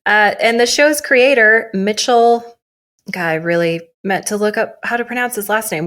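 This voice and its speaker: A woman's voice: mid-range voice, normal speed, a bit bright. A young woman co-hosting a podcast in casual chat, joking and teasing herself and laughing often. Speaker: podcast co-host.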